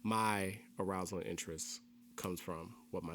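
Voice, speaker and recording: Very deep-voiced young man explaining earnestly. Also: steady tone, normal speed, a bit bright, a little hiss or hum. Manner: earnest, explanatory, repeats phrases for emphasis. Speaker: podcast host. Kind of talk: casual podcast chat.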